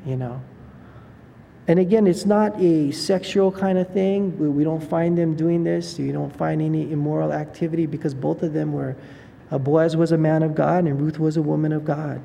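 A man's voice: a little high, steady tone, moderate pace, gravelly, warm tone, in a large hall, a little hiss or hum. A man preaching a sermon in a loose, conversational way, full of "you know" asides and restarts.

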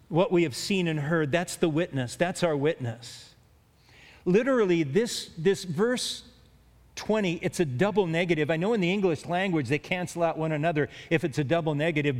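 Earnest preacher man in a reverberant hall. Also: on the high side. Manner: earnest, stumbling restarts, emphatic rises. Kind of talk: sermon.

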